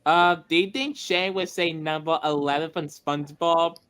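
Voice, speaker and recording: A young speaker in casual livestream chat, excitable and quick to interrupt. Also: mid-range voice, clean tone, no room sound. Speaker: stream co-host friend.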